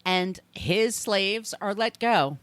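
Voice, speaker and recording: A woman's voice: medium pitch, takes it slowly, clear, resonant tone, no echo. Woman casually retelling a history story. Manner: rambling, conversational, frequent restarts and swearing. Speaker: podcast host telling a history story.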